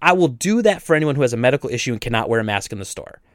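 A man who owns a video game store, telling a story in casual chat, animated and indignant, with many restarts and voices for each side. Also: mid-range voice, rapid-fire, dry recording, clean studio sound. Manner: animated retelling, acts out both sides with frequent restarts.

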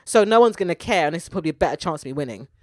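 A woman's voice: lowish voice, expressive, rapid-fire, no echo, studio quality. A woman, co-hosting a podcast in casual, swearing chat. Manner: chatty, swearing, laughing. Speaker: podcast co-host.

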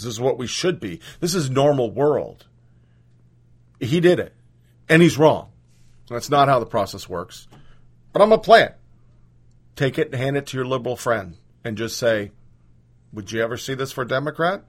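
A man's voice: mid-range voice, lively intonation, moderate pace, pauses often, breathy edge. A man hosting a podcast, giving heated, profane political commentary. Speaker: podcast host.

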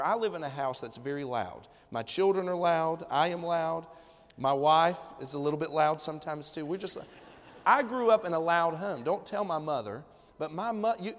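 A middle-aged male pastor preaching a sermon, animated and acting out people's words in quoted voices. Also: on the high side, in a large hall.

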